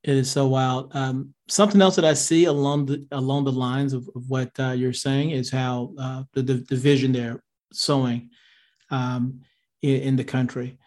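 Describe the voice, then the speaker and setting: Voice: mid-range voice, little pitch movement, moderate pace, a little mellow. A host in a political conversation, mostly agreeing and speaking hesitantly with many fillers.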